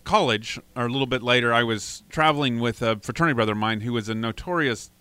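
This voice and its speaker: Bright-voiced chatty man. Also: medium pitch, fast talker, clean tone, dry recording. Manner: chatty, laughs often, rambling storyteller. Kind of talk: casual chat.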